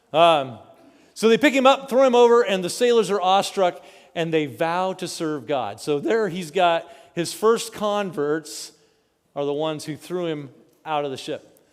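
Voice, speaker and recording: A man preaching a sermon as pastor, animated and storytelling, often asking the congregation questions. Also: high-pitched. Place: church sanctuary. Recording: long church hall reverb.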